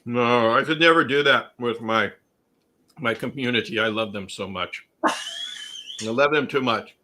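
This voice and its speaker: A man's voice: mid-range voice, unhurried, sharp tone. A middle-aged man from California hosting a casual livestream, chatting and reading viewer comments aloud. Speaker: livestream host.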